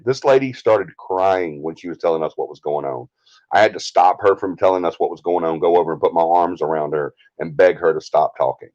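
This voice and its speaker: A man with a low, slightly mellow voice and a Southern US accent, the leader of a paranormal team, hosts a live stream and rants in a heated, indignant tone. The audio has its high frequencies cut off.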